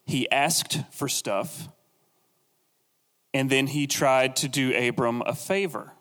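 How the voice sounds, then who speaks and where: Guy giving a laid-back bible sermon, jokes around, mid-pitch voice, big echoey hall. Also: slow, fairly bright tone. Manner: chatty, jokey asides, acts out quotes. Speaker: Bible teacher. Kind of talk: casual conversational sermon.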